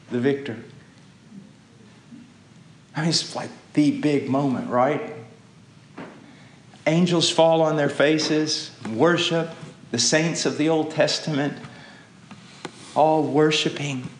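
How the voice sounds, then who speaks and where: Man preaching, impassioned, pleading peaks, slightly high voice, echoey church hall, faint background hum. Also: takes it slowly, pauses often. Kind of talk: sermon.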